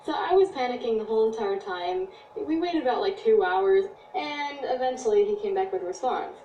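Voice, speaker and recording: A woman's voice: on the high side, expressive, a little fast, warm tone, dull audio. A teenage girl narrating a personal story about school in an earnest, confiding way. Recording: echoey, distant, slight noise.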